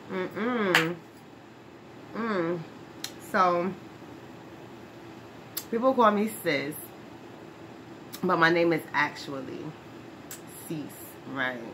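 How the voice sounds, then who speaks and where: A woman playing a brash, streetwise former brawler who is touchy about her name, in a comedy skit monologue. She talks in slang, laughs often and keeps asking "right?". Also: sits low. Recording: noisy background hiss.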